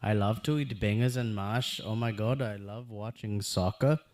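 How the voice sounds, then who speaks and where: A man putting on a cheesy fake British voice, loud and overly formal in a sing-song way. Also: fairly low pitch, moderate pace, a little hiss or hum, close to an everyday voice. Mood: hammy.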